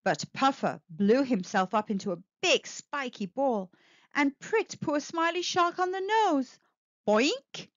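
Slow, lively high-voiced woman reading a picture book. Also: no room sound, highs cut off. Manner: lively sing-song storybook reading. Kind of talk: children's read-aloud narration.

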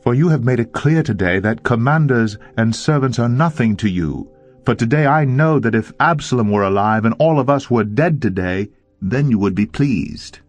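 A man voicing a stern male army commander who rebukes a king forcefully. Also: medium pitch, lively intonation, normal speed, soft background music, voice pushed up, close to an everyday voice. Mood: reproachful. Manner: forceful, reproachful.

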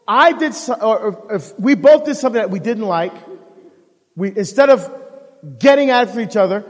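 A deacon giving a live talk on marriage to an audience, telling animated stories and acting out the dialogue. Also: male voice, sits high. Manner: animated storyteller who acts out dialogue. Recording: long hall reverb.

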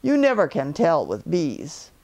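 Winnie the Pooh, a slow, musing bear, as a grandmother puts him on. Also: low-pitched, huge pitch swings, a little mellow, exaggerated voice. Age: older. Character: small thoughtful male teddy bear.

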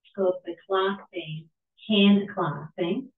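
A middle-aged woman from Britain with a Pittsburgh accent, gently guiding an audience through yoga practice at a reading. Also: mid-range voice, steady tone, slow pace. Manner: gentle, inviting. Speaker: yoga teacher and author. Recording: echoey hall, far mic, tinny.

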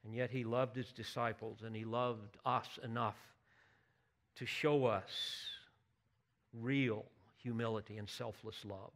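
A man's voice: medium pitch, steady tone, slow pace, fairly bright tone. A man preaching a sermon, earnest and emphatic, building to bursts of intensity and putting direct questions to his listeners. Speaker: pastor.

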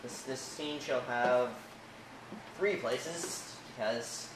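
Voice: mid-range voice, very slow. A host running a casual improv game at home, laid-back and laughing often. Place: living room at home. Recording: very echoey room with background noise.

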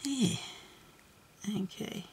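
A woman hosting a casual craft tutorial, chatting and thinking aloud as she works, with soft laughs to herself. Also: very slow, a little hiss or hum. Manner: rambling, chatty, thinks aloud while working.

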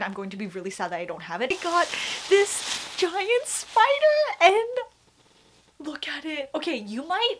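A young woman with a slightly high voice gushes excitedly in a casual vlog chat. She talks in a rush of fillers and little exclamations, showing things off from her home. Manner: gushing, excitable, chatty with many fillers. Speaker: vlogger showing a shopping haul.

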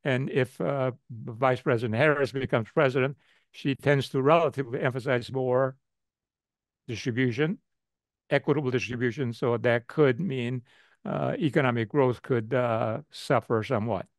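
An older man answers questions as a guest economist over a video call. His voice sits at an ordinary pitch, and the sound is dry and close, with no room echo. He talks in loose spoken sentences full of fillers and repeated phrases. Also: normal speed. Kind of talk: webinar Q&A answer.

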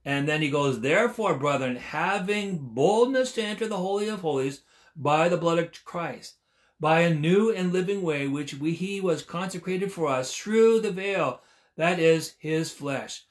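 A man in his sixties delivers a sermon in a notably high voice. He leans hard on key phrases, repeating them for emphasis. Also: expressive, measured pace. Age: 60s. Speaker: preacher.

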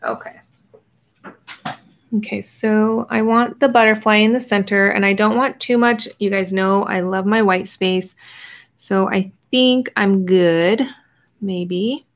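A young woman speaks slowly at medium pitch with fairly even intonation as she paints on an art journaling livestream. She chats casually with viewers, at times trailing off into quiet murmurs.

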